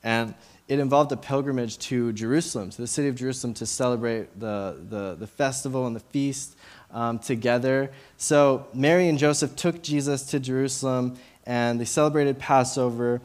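A young man in his late twenties talks through a Bible passage in a relaxed, chatty way. He fills the gaps with ums and likes and restarts his sentences as he goes. His pitch sits right in the middle for a man. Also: moderate pace. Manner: casual, many fillers and restarts. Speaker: Bible teacher. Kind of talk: informal Bible teaching with a personal story.

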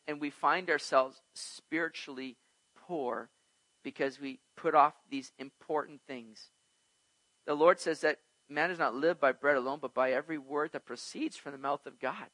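A man's voice: a little high, no echo, low-quality recording. A man preaching a verse-by-verse sermon, asking his listeners questions and acting out everyday scenes. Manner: animated, asks the congregation questions and acts out little scenes. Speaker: pastor. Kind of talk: expository sermon on Proverbs.

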